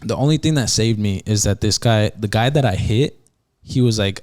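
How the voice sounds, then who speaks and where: A man with a lowish voice tells a story on a podcast in a loose, casual way. He fills gaps with "uh" and "like", restarts his sentences and slips into the voices of the people in his story. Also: fast talker, few pauses. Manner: animated, acts out quotes, many fillers and restarts. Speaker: podcast guest, former prison yard officer.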